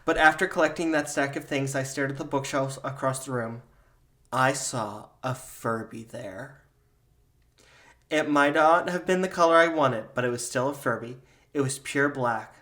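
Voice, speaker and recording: A man hosting a podcast, reading a spooky story aloud in steady storytelling narration. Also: medium pitch, normal speed. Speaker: podcast host.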